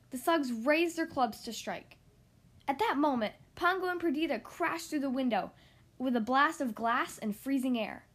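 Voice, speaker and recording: A woman reading a children's storybook aloud in a gentle, expressive manner. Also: high-pitched.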